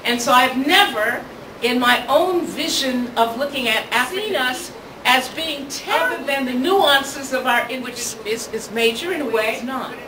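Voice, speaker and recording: A woman's voice: high-pitched, normal speed. A woman as guest speaker giving a public speech, telling a personal story in an earnest way. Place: event venue with audience ambience. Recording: echoey, distant mic, noisy room.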